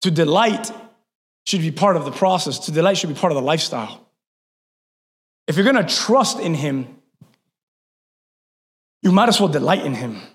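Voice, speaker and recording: A male pastor preaching a sermon, fervent, building to shouts and then easing down with self-mocking asides. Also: fairly high pitch, expressive, moderate pace, long pauses. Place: church hall. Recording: long reverb of a large hall.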